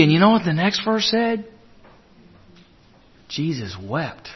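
A man preaching a sermon, earnest, moving between loud urging and hushed tender lines. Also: a little high, sing-song, slow, pauses often, lo-fi sound.

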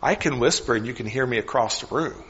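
A male pastor preaching a sermon earnestly, with deliberate pauses and drops to a near whisper for emphasis. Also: medium pitch, a bit bright, husky. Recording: dull sound with long hall reverb.

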